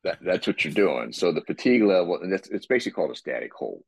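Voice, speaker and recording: A man with a very deep, husky voice explains his workout in casual podcast talk. He rambles and restarts, and he often clears his throat. The sound is dry and muffled. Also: sing-song, quick pace, no room sound. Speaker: guest describing his workout.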